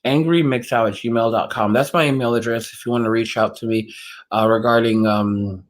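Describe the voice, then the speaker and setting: Guy rambling on his livestream, lots of like and you know, talks to chat in a mid-pitched voice. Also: fairly even intonation, moderate pace, slight background noise. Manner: rambling, heavy use of "like" and restarts. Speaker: livestream host reading chat.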